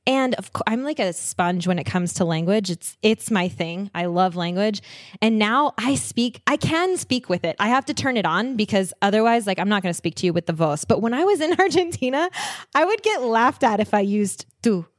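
A woman talking in an enthusiastic, chatty way as a podcast guest, with frequent laughter. Her voice sits at an ordinary middle pitch. It is recorded close and dry. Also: lively intonation, normal speed, no echo. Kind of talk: casual travel chat.

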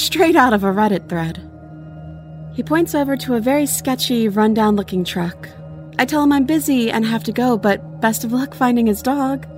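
A woman narrating a first-person true story in an earnest, conversational way. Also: medium pitch. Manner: earnest, conversational retelling with small restarts.

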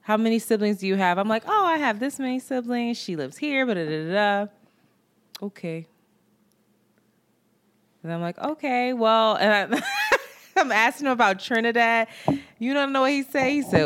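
Female co-host, casual chat; animated storyteller who laughs and swears. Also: fairly high pitch, normal speed, long pauses. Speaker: podcast co-host. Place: Brooklyn, New York.

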